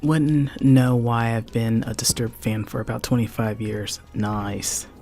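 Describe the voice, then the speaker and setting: A man's voice: mid-range voice, fairly even intonation, a little slow, a little mellow, soft background music. A man in his forties streaming a game, rambling in a heartfelt way and dropping "man" and "like" often. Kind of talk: casual chat while gaming.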